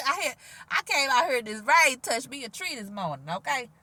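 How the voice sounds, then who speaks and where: A woman vlogging outdoors in a quiet, gentle voice, talking casually with sass and frequent laughs. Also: high voice, brisk. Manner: animated, sassy, laughs often, soft-spoken. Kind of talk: casual spiritual vlog monologue.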